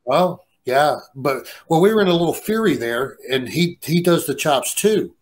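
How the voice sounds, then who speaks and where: A man's voice: a little high, moderate pace. A man casually telling a story in a rowdy, profane way. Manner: profane, animated, laughing storyteller. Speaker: guest storyteller.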